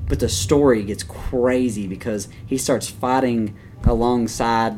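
A man's voice: mid-range voice, fairly even intonation, unhurried, darkish tone, slight background noise. A man co-hosting a podcast in casual chat, crude and joking, laughing often. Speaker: podcast co-host.

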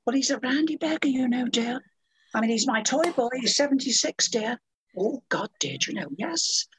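Woman, 70s, interview guest, blunt and bawdy, husky voice, very animated pitch. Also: moderate pace, dry recording, rough recording. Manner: blunt, bawdy and theatrical, acting out quoted voices. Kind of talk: casual interview chat.

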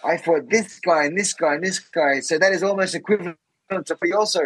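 A man impersonating an arrogant male fighter who lectures slowly and condescendingly. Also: high-pitched, a bit bright, slightly rough, dry recording, voice pushed up. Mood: lecturing. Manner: slow, preachy, condescending.

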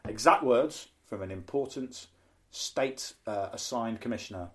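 A man's voice: lowish voice, moderate pace. A man hosting a podcast, telling chatty, funny anecdotes and acting out the people he quotes. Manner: chatty anecdotes, acts out quoted voices, frequent "um". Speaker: podcast host, wrestling promoter and announcer. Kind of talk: casual podcast storytelling.

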